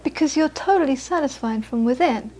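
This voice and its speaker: A woman giving a Buddhist talk, telling stories with lively acted-out quotes and then turning soft and earnest as she teaches. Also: high-pitched, a little fast. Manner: lively storytelling, acts out the people she quotes. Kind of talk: dharma talk to a small audience.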